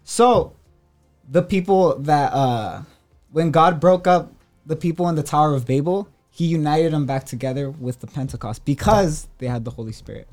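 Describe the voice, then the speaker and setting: A man's voice: a little high, moderate pace, darkish tone. Hesitant man over faint music. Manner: hesitant, many "uh" and "right?". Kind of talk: casual faith discussion.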